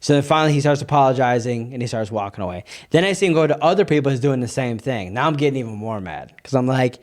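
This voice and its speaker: A young man co-hosting a podcast, telling a story in casual chat with lively asides and frequent restarts. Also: medium pitch, fast, hardly any pauses. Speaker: podcast co-host.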